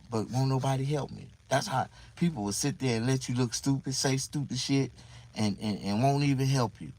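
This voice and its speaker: A man's voice: medium pitch, a bit bright, poor audio. A man talking casually to viewers on a livestream, rambling and repeating himself in mock confusion.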